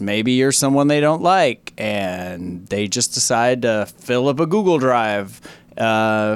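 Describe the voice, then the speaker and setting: A man's voice: mid-range voice, clean tone, no room sound. A man hosting an internet radio show, talking casually in a rambling, profane, sardonic way. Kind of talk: casual chat.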